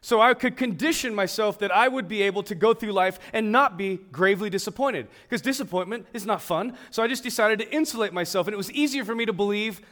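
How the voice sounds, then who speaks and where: Man, pastor, sermon, emphatic and then hushed, slightly high voice. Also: fast talker, few pauses. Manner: emphatic preaching that swings between loud and hushed.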